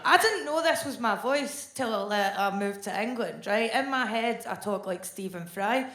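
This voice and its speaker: A woman's voice: on the high side, lively intonation, normal speed. A woman with a Scottish accent doing a stand-up routine, with dry, wry storytelling. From Scotland. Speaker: stand-up comedian. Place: comedy stage. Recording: echoey room with noise.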